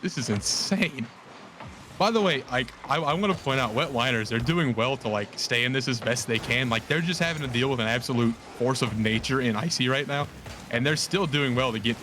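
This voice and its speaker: A man casting a live esports match, hyped and fast, repeating words in his excitement, his voice worn from yelling. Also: medium pitch, slight background noise. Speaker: esports co-caster. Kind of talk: live esports play-by-play commentary.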